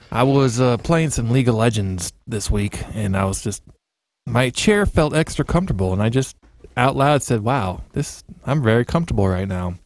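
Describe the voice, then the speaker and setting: A man's voice: mid-range voice, lively intonation, moderate pace, no echo, studio quality. A man co-hosting a podcast, telling playful comic stories in a casual chat. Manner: jokey storyteller, playful with bits. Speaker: podcast co-host.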